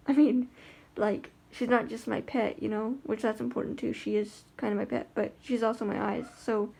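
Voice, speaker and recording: Gravelly, slightly high-voiced woman vlogger. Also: steady tone, moderate pace, warm tone. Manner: chatty and rambling, many fillers and restarts. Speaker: vlogger with a guide dog. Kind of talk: casual vlog chat.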